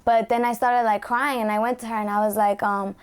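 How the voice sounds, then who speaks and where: A woman's voice: a little high, little pitch movement, fairly quick, smooth. Young woman telling a story emotionally. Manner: emotional storytelling, many fillers.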